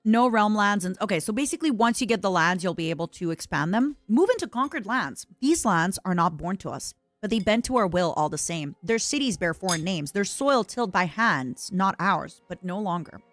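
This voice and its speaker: A woman's voice: medium pitch, normal speed, faint music behind. A young woman streamer giving casual commentary over a strategy game, reading its text aloud while eating. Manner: eats and talks with mouth full, reads game text aloud; lively, playful asides.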